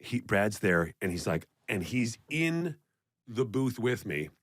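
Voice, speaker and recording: A man in his fifties, a podcast co-host, telling a story in a lively, swearing way. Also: on the low side, takes it slowly, breathy edge, no echo, studio quality. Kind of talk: casual conversation.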